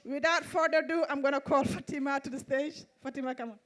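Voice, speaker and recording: High-voiced Mauritanian woman reciting a poem. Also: steady tone. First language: Fulani. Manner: measured, repetitive rhythmic delivery. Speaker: poet and event host. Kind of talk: spoken-word poem on stage. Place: outdoor arts festival stage.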